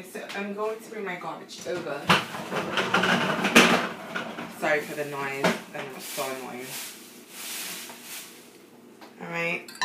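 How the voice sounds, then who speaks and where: Young woman, home cook, rambling chatty delivery, lowish voice, echoey kitchen, off-mic, pans clattering behind. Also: recorded from a distance, noisy background. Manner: chatty and rambling, with many fillers. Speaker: home cooking vlogger. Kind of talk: casual cooking tutorial. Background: pans, dishes and frying sounds.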